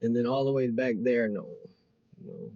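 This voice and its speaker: A man's voice: mid-range voice, normal speed, gravelly, dark tone, dry recording, dull audio. A man, rambling casually to viewers during a delivery livestream. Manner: rambling, chatty, talks to viewers. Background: faint crickets and insects.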